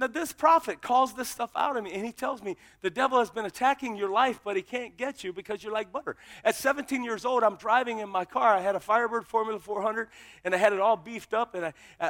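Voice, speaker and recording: A middle-aged man preaches a personal testimony in a strikingly high voice. His tone is bright and forceful, and his storytelling swells into shouted calls to the congregation. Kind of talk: testimony sermon.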